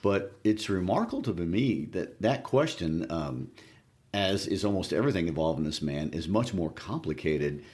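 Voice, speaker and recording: A man's voice: low-pitched, expressive, moderate pace, darkish tone. A man co-hosting a literature podcast, talking casually and a little hesitantly with frequent fillers. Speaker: podcast co-host.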